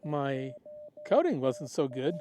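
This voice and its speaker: A man chatting casually about his ham radio contacts in a relaxed, self-deprecating way, recording outdoors in the desert. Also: mid-range voice, slow, noisy background. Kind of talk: casual outdoor vlog narration.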